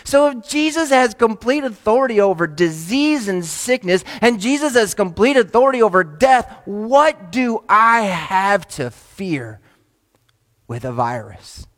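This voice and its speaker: High-voiced preacher in a reverberant hall. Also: male voice, big pitch swings, measured pace. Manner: swings between loud emphatic lines and hushed, soft asides. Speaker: pastor. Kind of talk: sermon.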